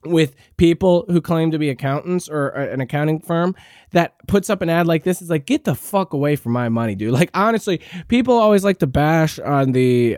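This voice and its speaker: Male podcast host, sarcastic profane rant, wildly swinging pitch, dry close sound. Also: a little mellow, dry recording. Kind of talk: ranting reaction commentary.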